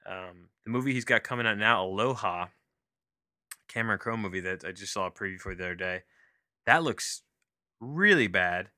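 A man's voice: fairly low pitch, expressive, moderate pace, long pauses, bright, forceful tone, no room sound. A man reviewing a movie from his home office, rambling and self-deprecating, with many fillers and restarts.

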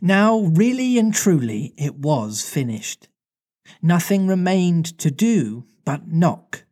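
A man's voice: fairly high pitch, sing-song, takes it slowly, darkish tone. A man reading a storybook aloud in a playful manner, breaking off for casual chat. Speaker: reader and co-host.

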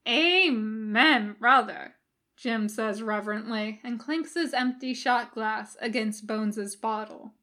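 A woman reading fan fiction aloud as a podfic narrator. Her storytelling is measured and her voice sits high. She keeps an unhurried pace. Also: steady tone. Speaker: podfic reader.

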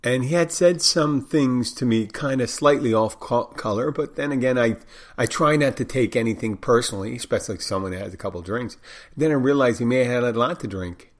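An older man who tends bar tells a story from work in a loose, rambling way. He restarts his sentences often, and his talk is frank and salty. His voice sits at an ordinary pitch for a man. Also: fairly quick. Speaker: bartender. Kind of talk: casual storytelling monologue.

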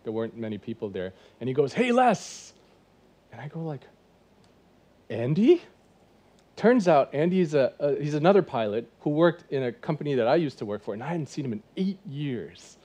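Pastor in his 40s, mellow warm tone, chatty sermon delivery with questions to the congregation. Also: medium pitch, lively intonation, fast talker, few pauses. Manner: conversational preaching with rhetorical questions. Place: church.

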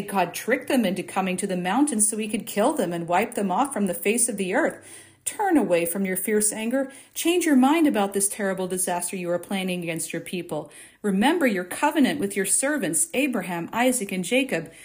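A woman reading a Bible passage aloud in a measured, expressive way, lifting her voice for the quoted speeches. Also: medium pitch. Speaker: Bible reader. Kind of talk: scripture reading.

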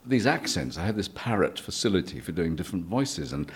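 Older man, very deep voice, husky, chatty interview guest, chuckling storyteller. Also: big pitch swings, a little fast. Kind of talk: reminiscing interview.

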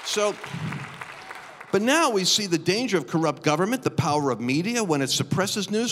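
Middle-aged male preacher, a bit high-voiced, dramatic live sermon, echoing hall. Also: normal speed, some chatter behind, a little hiss or hum. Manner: animated, dramatic storyteller. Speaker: guest preacher. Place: church auditorium. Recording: long reverb of a church hall.

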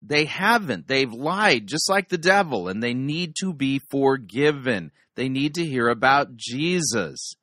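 A man's voice: mid-range voice, big pitch swings, measured pace, few pauses, a bit bright, dry recording, studio quality. A man commenting on a sermon he is reviewing, cutting in with blunt doctrinal remarks.

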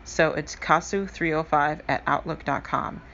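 Woman podcast host, low voice, casual chatty delivery, lots of ums. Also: steady tone, moderate pace, creaky, fairly bright tone, muffled recording, slight background noise. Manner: chatty, informal, trailing fillers. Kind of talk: casual solo podcast chat.

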